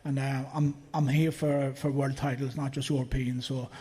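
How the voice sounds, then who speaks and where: Flat-voiced fighter, halting confident talk. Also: male voice, medium pitch. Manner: flat, hesitant with fillers. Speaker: bare knuckle fighter.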